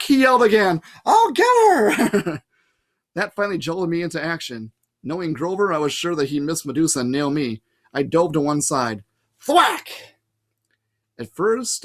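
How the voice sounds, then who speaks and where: A man reads a story aloud in a relaxed, conversational manner, stopping now and then to comment on what he has read. His voice sits a little higher than most men's. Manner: casual, adds his own comments. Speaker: reader. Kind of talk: audiobook reading with asides.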